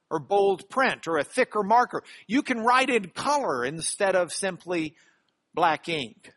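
A middle-aged man teaching a Bible class in a lively lecture style, animated and jokey, with playful asides. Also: sits high.

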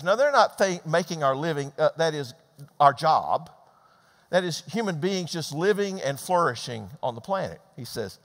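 An older male pastor from Georgia in the US preaches a lively, conversational sermon full of repetitions, his voice sitting high. He's in a hall, and the recording carries a long hall reverb.

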